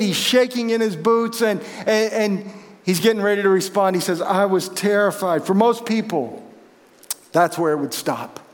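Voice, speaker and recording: A man preaching with a high, earnest voice. He swings from emphatic peaks to quiet intensity. The sound carries a long hall reverb. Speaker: pastor. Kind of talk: sermon.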